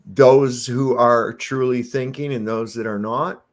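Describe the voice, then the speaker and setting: A man's voice: medium pitch, fairly even intonation, measured pace. A man in casual podcast chat who explains his view emphatically, in a lecturing way. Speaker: podcast co-host.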